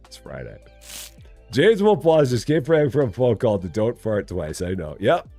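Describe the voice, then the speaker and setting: A man's voice: normal speed, soft background music. A man chatting casually and joking as he live streams a store simulator game, rambling and laughing. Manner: jokey, rambling, laughs often, lively swings in pitch.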